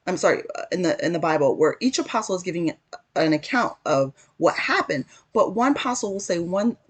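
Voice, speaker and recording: A woman with a husky, slightly breathy voice that sits on the low side gives a relaxed spiritual teaching straight to camera. She talks earnestly, retelling her story through quoted back-and-forth exchanges and restarting sentences as she goes. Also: brisk. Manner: earnest, recounting a story with many quoted exchanges and self-corrections. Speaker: Christian teacher sharing a spiritual lesson.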